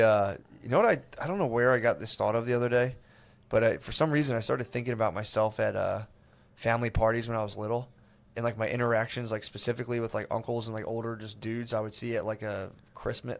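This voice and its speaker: A man's voice: mid-range voice, quick pace, creaky. Rambling young man telling stories. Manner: rambling storytelling, lots of "like" and "dude", acts out quotes. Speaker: podcast host. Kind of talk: casual comedic podcast chat.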